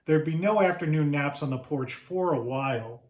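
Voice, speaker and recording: A man reading his picture book aloud to children, animated and often asking the listeners questions. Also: on the high side, normal speed. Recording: roomy echo.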